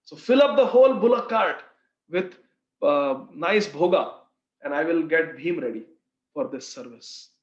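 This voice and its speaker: A man voicing a gentle, confident mother of five sons in a retold scripture story. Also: a little high, expressive, measured pace. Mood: reassuring. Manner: soothing, confident. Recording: roomy, slightly dull recording.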